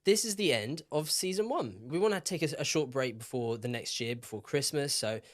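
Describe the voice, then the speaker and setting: A man's voice: medium pitch, animated, brisk. A young man co-hosting a podcast in casual, rambling chat, teasing his friend. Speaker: podcast co-host.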